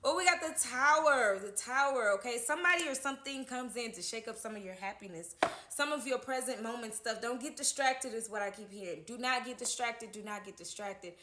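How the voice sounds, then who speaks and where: A woman's voice: a little high, fairly quick, pushed and bright, slight background noise. Chatty woman reading tarot, echoey room. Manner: chatty, keeps adding "okay?" to her lines. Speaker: tarot reader. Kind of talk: casual tarot horoscope reading.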